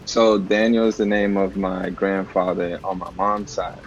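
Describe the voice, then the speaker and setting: Relaxed and reflective, this young man is a musician guest in a casual interview over a video call, dropping fillers throughout and saying "like" a lot. His voice sits low and runs a little slow. The dull lo-fi call audio carries a bit of hiss or hum.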